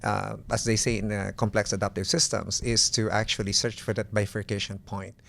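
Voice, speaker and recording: A man's voice: fairly low pitch, little pitch movement, a little fast, creaky, a bit bright. A male doctor and founder talking through ideas in a thoughtful, explanatory way on a podcast. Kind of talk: casual podcast discussion.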